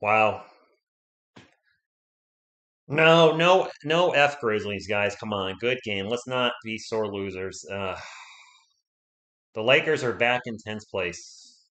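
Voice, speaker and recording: Unhurried and pitched on the low side, this man is doing fan commentary on a livestream. His voice is slightly hoarse, as if he's been losing it, and he yells with excitement at the big moments.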